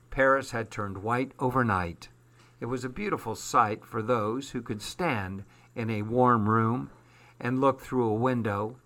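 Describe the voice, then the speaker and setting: Slow, bright-voiced male storyteller. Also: mid-range voice. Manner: slow, measured reading. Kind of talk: storybook narration.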